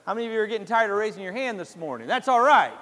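A man's voice: high voice, very animated, racing, fairly bright tone, in a large hall. A man preaching a sermon as a pastor, retelling a parable as a story and putting questions to the congregation.

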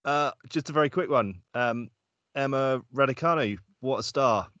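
A man's voice: mid-range voice, moderate pace, a bit bright, no room sound. A man, a podcast co-host giving blunt opinions in casual chat. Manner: blunt ranting. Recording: dry, dull lo-fi audio.

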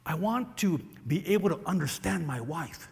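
A man's voice: a little high, lively intonation, moderate pace, vocal fry, big-room sound. A man voicing a meek, sheepish husband asking a genie for wishes.

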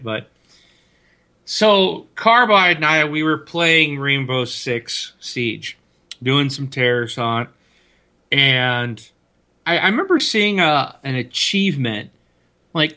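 Bright-voiced man telling a lively story. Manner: animated storyteller, voice rising high when retelling yelling. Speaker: podcast co-host. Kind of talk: casual gaming chat. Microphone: desk mic, loosely mounted.

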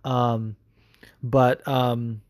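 A man's voice: mid-range voice, little pitch movement, extremely slow, no echo, studio quality. A young man hosting a podcast, chatting casually and answering listener messages, rambling and cursing as he goes. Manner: rambling and profane, swings from mumbling to hyped. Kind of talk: casual chat.

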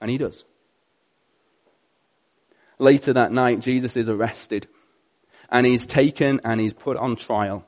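A man's voice: medium pitch, fairly even intonation, slow pace, long pauses. Earnest man preaching a sermon. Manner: earnest, storytelling, swings between loud and hushed.

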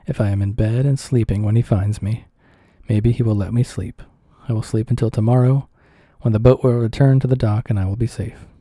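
A man narrating a first-person memoir aloud in a measured, somber, deliberate way. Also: on the low side, warm tone, no room sound, clean studio sound. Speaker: audiobook reader.

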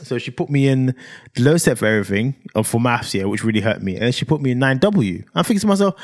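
A man's voice: medium pitch, fast talker. A young man, co-hosting a podcast and telling a school story in casual chat, acting out the voices of the people in it. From Southeast London. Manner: animated storyteller, acts out quoted voices and slang. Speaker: podcast co-host.

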